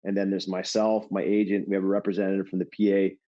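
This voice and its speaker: A middle-aged man telling stories casually as a podcast guest, animated and full of fillers. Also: deep voice, fast talker. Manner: animated, laughing storyteller with many fillers. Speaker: guest, former hockey player. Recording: dull lo-fi sound.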